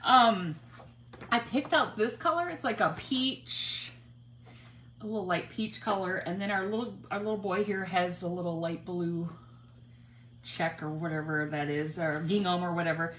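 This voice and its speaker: A woman's voice: fairly low pitch, normal speed, a bit bright, slight background noise. A middle-aged woman hosting a casual crafting livestream, chatting in a rambling way and greeting viewers by name. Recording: roomy home recording with faint ambience.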